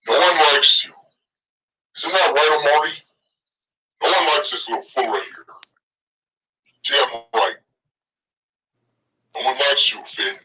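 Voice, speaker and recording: A cruel, taunting teenage bully, as a man voices him with a bright, forceful edge and slow, drawn-out threats. His sneering mockery carries a lively, swinging pitch. The voice sits a little off the mic. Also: far from the mic, muffled recording. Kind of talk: voicing game characters aloud.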